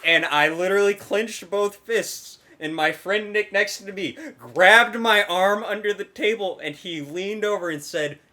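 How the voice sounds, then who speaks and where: A man's voice: high-pitched, unhurried, hardly any pauses, bright, forceful tone. A young man co-hosting a casual podcast, telling a story with lots of laughter and casual swearing. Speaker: podcast co-host.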